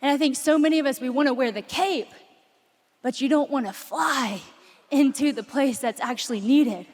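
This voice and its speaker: A woman delivers a passionate sermon, her high voice carrying stories and then easing into soft, intense appeals. She is speaking to thousands in a vast arena, and a long reverb trails behind every phrase. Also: normal speed. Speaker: preacher. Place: large arena before thousands.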